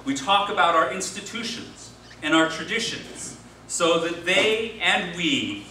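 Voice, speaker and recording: Rabbi giving a dinner speech, higher voice, heard from far off in an echoey hall, folksy storyteller. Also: male voice, lively intonation, unhurried, pushed and bright, a little hiss or hum. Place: large hall. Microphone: distant mic.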